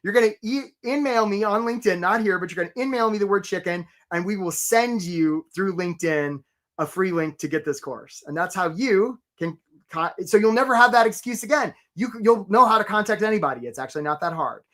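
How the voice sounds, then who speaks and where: A middle-aged man with a high, expressive, fairly bright voice coaches job seekers in an energetic live webinar. Talking a little fast, he stays chatty and upbeat and greets viewers by name.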